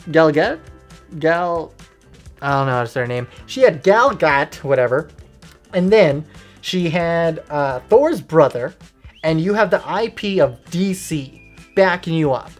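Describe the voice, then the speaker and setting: A woman's voice: low voice, a little mellow. A woman talking through a casual, opinionated video essay, informal and loose with fillers.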